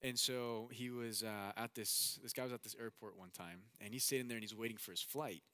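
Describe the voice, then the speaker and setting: A man's voice: on the low side, steady tone, a little fast, pushed and bright, clean tone, no room sound. Chatty man telling a story in slang. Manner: slangy, chatty, full of fillers and restarts. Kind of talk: casual anecdote.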